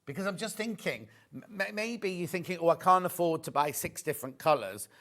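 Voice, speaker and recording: Man, Yorkshire accent, fairly high voice, chatty shopping-channel presenter, enthusiastic. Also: lively intonation, brisk, a bit bright. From Yorkshire, England. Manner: chatty, enthusiastic, reads viewer messages aloud. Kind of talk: casual on-air sales chat.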